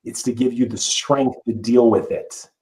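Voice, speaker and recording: Middle-aged male life coach, podcast guest, earnest and emphatic, average pitch. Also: steady tone, a little slow, dark tone, rough recording. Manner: earnest, emphatic, with many restarts. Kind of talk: podcast interview.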